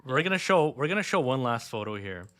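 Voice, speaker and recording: A man with a bright, forceful voice hosts a relaxed interview. He asks long, winding questions, often stumbling and repeating his words as he thinks aloud. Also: mid-range voice, fast talker, clean tone. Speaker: interview host. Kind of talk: casual interview chat.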